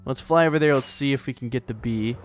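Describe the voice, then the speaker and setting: This let's play host talks fast in a mid-range voice, chatting and wandering off topic while he plays and speaking to the game's animals. Faint background music runs underneath.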